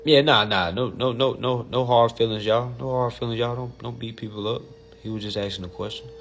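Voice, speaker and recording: A man at a middling pitch hosts a loose, casual stream and answers questions from viewers. He talks bluntly and swears freely, addressing his audience as family. A faint hum sits under his voice. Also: fairly even intonation, a little fast, a bit bright. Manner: blunt, profane, fired-up, addresses listeners as family. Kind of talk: casual livestream talk.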